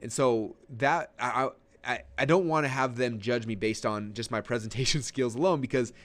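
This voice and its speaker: A man teaching a webinar lesson in an energetic, emphatic, conversational way, leaning forward and gesturing as he talks. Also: mid-range voice, normal speed. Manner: conversational with frequent fillers and restarts. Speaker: online marketing instructor.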